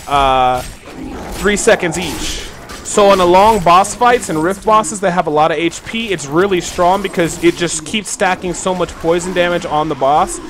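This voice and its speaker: A man's voice: high voice, slight background noise. A tired, yawning man giving casual gameplay commentary, explaining the mechanics to viewers as he plays. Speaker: game streamer. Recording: game music playing loudly behind. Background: game music.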